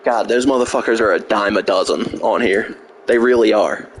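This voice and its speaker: A man's voice: lowish voice, normal speed, husky. A man live-streaming a video game, trash-talking a troll in chat with heavy profanity and sarcasm. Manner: profane, mocking trash talk.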